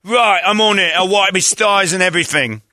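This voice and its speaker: A man voicing a prissy aging male rock singer in a high, mincing, sing-song voice. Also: a little fast, sharp tone, dry recording, studio quality.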